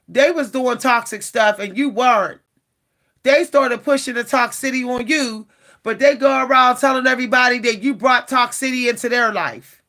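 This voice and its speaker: A woman vlogger speaks straight to her viewers in a casual, animated way. Her voice is bright and forceful, and she sounds exasperated. She often circles back and repeats herself as she vents. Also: on the high side. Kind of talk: casual talk to camera.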